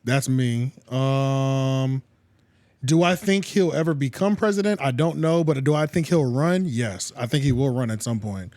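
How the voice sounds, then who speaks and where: A man co-hosting a podcast, casual and quick to push back in a debate. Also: mid-range voice, a little mellow. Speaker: podcast co-host. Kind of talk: casual chat.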